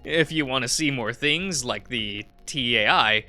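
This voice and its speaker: A man's voice: mid-range voice, unhurried, sharp tone, soft background music. A man voicing a large, friendly male fox who drives a taxi in a visual novel.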